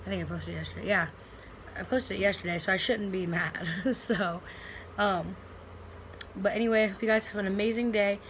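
A woman's voice: mid-range voice, normal speed, slight background noise, low-quality recording. A young woman, rambling casually to camera in a home vlog, full of fillers and restarts. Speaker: vlogger. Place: at home, indoors.

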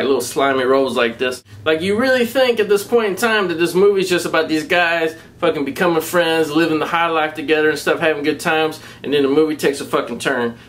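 A man with a Southern US accent and a somewhat high-pitched voice retells a film plot in loose, casual spoken review style. He talks in a rambling, laid-back way, packing his sentences with profanity. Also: a bit bright. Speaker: movie reviewer.

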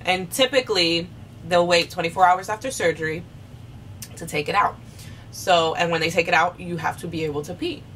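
A young woman vlogger casually telling a story, chatty with many fillers, jumping high when she acts out what she said. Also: fairly quick, far from the mic, slight background noise. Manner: animated, acts out quotes with sharp high pitch jumps.

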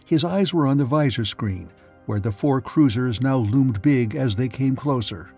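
A man narrating a science fiction audiobook in a dramatic, measured way. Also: mid-range voice, darkish tone, slightly rough, faint music behind. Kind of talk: scripted narration.

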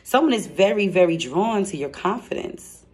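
Excitable chatty woman reading tarot. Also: on the low side, moderate pace. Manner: excitable and chatty, laughs and exclaims; blunt, slangy, speaks straight to viewers. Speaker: tarot card reader. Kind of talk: casual tarot reading to camera.

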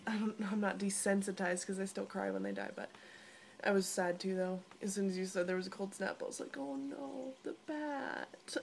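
A woman's voice: mid-range voice, slight background noise. A young woman chatting casually to friends in a vlog recorded on her phone, bubbly and rambling, often giggling between thoughts. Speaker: vlogger. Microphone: phone camera at arm's length.

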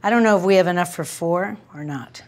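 A woman's voice: lowish voice, a little fast. A woman hosting a casual home cooking demonstration, chatty and wry, with joking asides and anecdotes while she works. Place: home kitchen.

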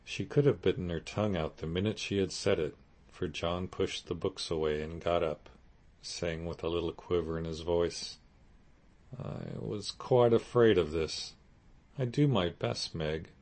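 A man narrating a classic novel as an audiobook in a steady, measured way. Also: sits low. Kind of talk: scripted narration.

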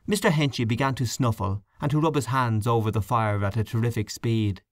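A man narrating an audiobook in a measured storytelling manner. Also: mid-range voice, no room sound, studio quality. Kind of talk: scripted narration.

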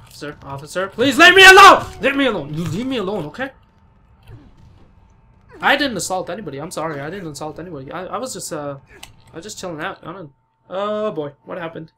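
Panicky, high-voiced let's play guy. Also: lively intonation, fast talker, long pauses, fairly bright tone. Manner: jumpy, cries out in panic, curses at the game. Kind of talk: excitable gameplay commentary.

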